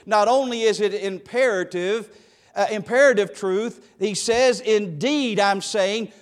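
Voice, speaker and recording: A man preaching a sermon as pastor, emphatic and repeating key phrases for weight. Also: high voice. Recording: long hall reverb.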